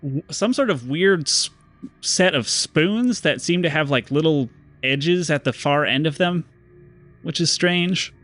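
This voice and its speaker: A man running a tabletop role-playing game as game master, narrating descriptively and slowing down for dramatic moments. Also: fairly high pitch, animated, fairly bright tone, soft background music.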